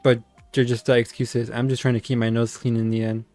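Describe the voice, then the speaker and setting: A man voicing a blunt, defensive young woman in a visual novel, who talks in a sharp, sarcastic and exasperated way. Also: mid-range voice, flat delivery, brisk, soft background music, close to an everyday voice. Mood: self-mocking.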